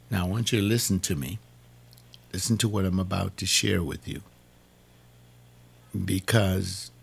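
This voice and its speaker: A man's voice: on the low side, vocal fry, husky. An older man giving an informal sermon-style talk, repeating words for emphasis. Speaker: preacher.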